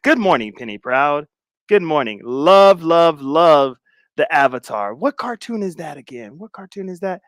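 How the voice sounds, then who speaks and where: Animated, teasing male livestream host. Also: fairly high pitch, moderate pace, no room sound, clean studio sound. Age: middle-aged. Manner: playful, teasing, laughs often. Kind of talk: casual chat reading viewer comments.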